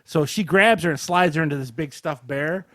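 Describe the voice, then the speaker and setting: A man's voice: fairly high pitch, normal speed, no room sound, studio quality. A man co-hosting a podcast, casually and animatedly retelling a movie plot. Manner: animated retelling, mimics characters in exaggerated voices. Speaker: podcast co-host. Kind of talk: casual movie review chat.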